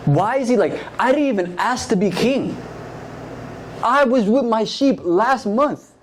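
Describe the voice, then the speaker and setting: A man voicing a panicked young fugitive, high and pleading. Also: very animated, normal speed, darkish tone, a little hiss or hum. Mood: distraught. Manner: anguished, rising pleas in casual slang.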